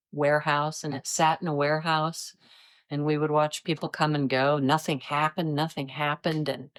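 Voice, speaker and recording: A woman in her fifties from Iowa, a retired agent telling stories in a relaxed interview and acting out the voices of others. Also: sits low, smooth. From Iowa, United States. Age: 50s. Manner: animated, acts out quoted voices. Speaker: retired DEA agent, guest. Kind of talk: casual interview storytelling.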